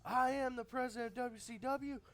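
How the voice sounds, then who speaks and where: A man voicing a blustering male wrestling company boss who bellows bossy, drawn-out taunts. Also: extremely high pitch, fairly even intonation, pitched above the performer's own voice. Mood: bellowing.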